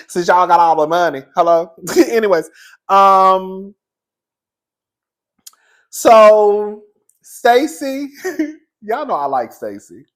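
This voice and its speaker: A man giving casual, sassy commentary on a reality TV episode, chatty and quick to laugh. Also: high voice, animated. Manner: sassy, chatty, laughs often, calls viewers "girl" and "baby". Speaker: reality TV reviewer.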